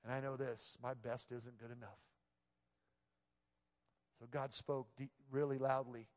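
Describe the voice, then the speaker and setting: A male pastor preaching a sermon, moving between hushed, intimate passages and loud, emphatic exclamations. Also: mid-range voice, level tone, unhurried. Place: church sanctuary. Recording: long reverb of a large church hall.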